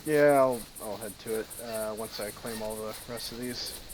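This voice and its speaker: A man joining a hunting game as a guest, talking in a relaxed, rambling way with lots of fillers. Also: fairly low pitch, moderate pace, poor audio. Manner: relaxed, laughs easily, many fillers. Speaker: guest player. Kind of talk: casual gameplay chat. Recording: hissy mic with background noise.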